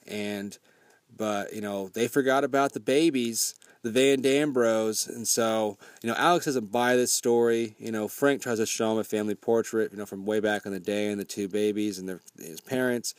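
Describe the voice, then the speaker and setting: A man's voice: fairly low pitch, steady tone, normal speed, clean tone, dry recording. A man casually recapping a movie plot in a rambling, profane, laid-back way.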